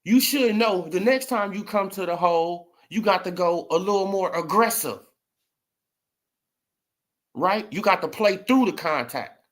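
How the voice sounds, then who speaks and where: A man's voice: high voice, a little slow. A man ranting about sports in a casual commentary video, emphatic and repetitive. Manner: animated, emphatic, repeats "bro" and "right?".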